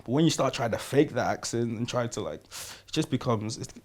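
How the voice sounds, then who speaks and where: A man, a podcast guest talking in an animated, laughing way and often checking that he's understood. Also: medium pitch, brisk. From London. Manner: laughing, animated, often asks "do you get what I mean". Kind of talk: casual chat.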